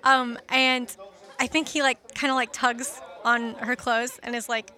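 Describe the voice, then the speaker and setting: A woman playing a tabletop game who speaks slowly and tentatively as she works out her move. Her voice is high and bright. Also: flat delivery. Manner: tentative, thinking aloud. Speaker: player. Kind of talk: casual tabletop play.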